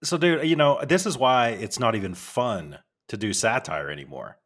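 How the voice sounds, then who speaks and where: A man's voice: mid-range voice, animated, normal speed, a bit bright. A man co-hosting a podcast, telling jokey, sarcastic stories in casual chat. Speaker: podcast co-host.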